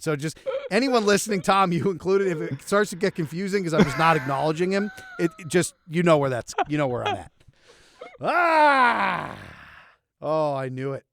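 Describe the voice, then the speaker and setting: Animated, laughing male podcast co-host. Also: on the high side. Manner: animated, swearing, self-mocking, frequent laughs and restarts. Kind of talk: casual chat.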